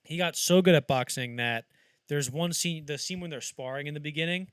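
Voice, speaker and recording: A man's voice: fairly high pitch, brisk, smooth, no room sound. A man hosting a podcast, telling film-history stories in casual chat and acting out the quotes as he goes. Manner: animated storyteller acting out quotes. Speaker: podcast host.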